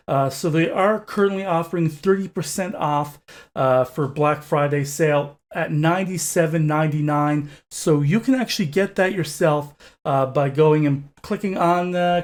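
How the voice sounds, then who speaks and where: Man, slightly higher voice, casual home tech review, hesitant, many fillers, candid. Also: darkish tone. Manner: candid and chatty. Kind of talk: casual unscripted product review. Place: home room with wall panels.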